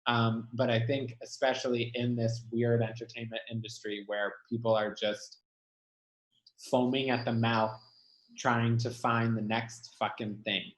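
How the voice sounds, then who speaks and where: A man's voice: medium pitch, flat delivery, measured pace. Emphatic man in an echoey room. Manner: emphatic, swears freely. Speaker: guest musician. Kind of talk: candid conversation.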